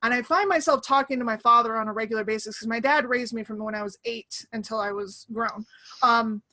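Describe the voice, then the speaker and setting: A woman in her thirties hosting a casual chat over an online call, animated and laughing, often acting out quoted voices. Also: a little high, a little fast. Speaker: podcast host.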